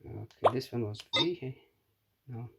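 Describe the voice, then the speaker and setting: A man giving brief, halting commentary as he tests and reviews a gadget. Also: mid-range voice, vocal fry, fairly bright tone, breathy edge. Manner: brief, halting remarks while testing a device. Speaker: product reviewer. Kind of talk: casual product demo commentary.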